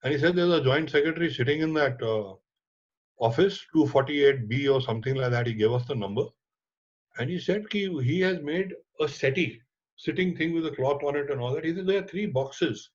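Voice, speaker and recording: A middle-aged man with an Indian accent, a documentary filmmaker telling a lively story in conversation and mixing in Hindi words and casual swearing. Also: a little high, brisk, breathy edge. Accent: Indian English. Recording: dull lo-fi audio.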